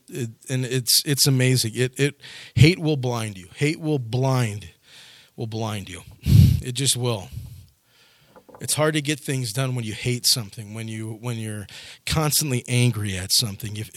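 A man's voice: medium pitch, no room sound. A male pastor preaching a sermon in an earnest way, repeating phrases and restarting lines as he builds a point.

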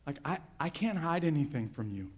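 A male pastor voicing Simon Peter as a humbled man quietly insisting on his love in a sermon. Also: a little high, sing-song, a little fast.

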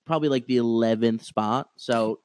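A man's voice: mid-range voice, moderate pace, a little mellow, no room sound. A young man recounting a story as a guest in a casual podcast chat.

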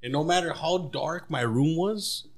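A man's voice: on the high side, measured pace. A man telling stories as a podcast guest in a laid-back, profane way, calling people "bro". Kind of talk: casual chat.

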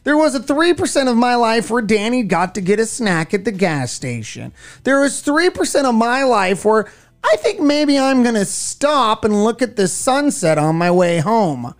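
A man's voice: very high-pitched, moderate pace. A middle-aged man co-hosting a radio show, chatting casually and telling stories with lots of expression. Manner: animated storytelling, acts out voices. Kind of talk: casual chat.

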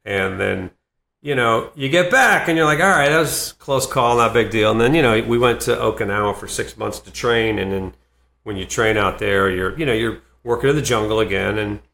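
A comedian and former Marine in his fifties, telling animated stories in an interview and laughing between lines. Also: lowish voice, vocal fry. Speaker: comedian and Marine veteran guest. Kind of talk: storytelling interview. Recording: roomy echo.

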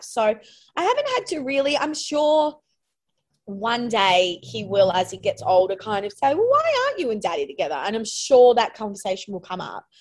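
A woman, a podcast guest talking candidly and reflectively, often trailing off and starting over. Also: medium pitch. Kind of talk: candid conversational interview.

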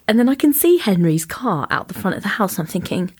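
A woman telling a personal story in casual chat, animated and full of "like"s, acting out what people said. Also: medium pitch, quick pace, husky. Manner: animated, chatty, full of "like"s, acts out quotes.

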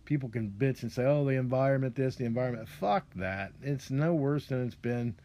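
A man's voice: medium pitch, brisk, warm tone. A man hosting a podcast, ranting in a rambling, profane monologue full of restarts and asides. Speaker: podcast host.

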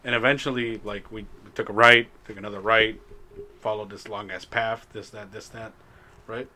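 A man's voice: lowish voice, little pitch movement, moderate pace, bright, forceful tone, a little hiss or hum. A young man co-hosting a casual chat, telling a story in a laid-back way with frequent laughs. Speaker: podcast co-host.

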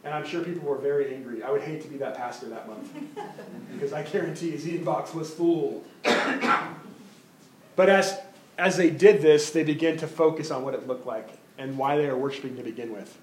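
A man preaching a sermon as pastor, animated, often repeating words as he builds his point. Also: on the high side, moderate pace, reverberant, low-quality recording.

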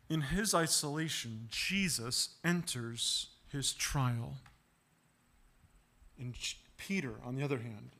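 A man's voice: medium pitch, bright, forceful tone. A man preaching a sermon, earnestly asking rhetorical questions and acting out bits of dialogue. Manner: asks rhetorical questions and acts out quoted dialogue; earnest, repeats words as he builds points. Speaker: pastor.

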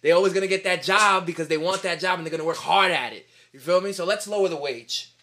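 Animated New man telling stories. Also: high-pitched, fast talker. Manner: animated storyteller, profane street slang. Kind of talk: casual chat.

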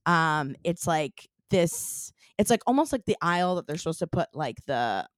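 A young woman on a podcast tells a story in easy chat, her pitch sitting a little low but swinging widely as she gets into it. She fills her lines with "like" as she goes, and the sound is dry and close to the mic. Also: moderate pace, no room sound. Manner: animated storytelling, lots of "like" fillers. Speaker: podcast co-host. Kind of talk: casual chat.

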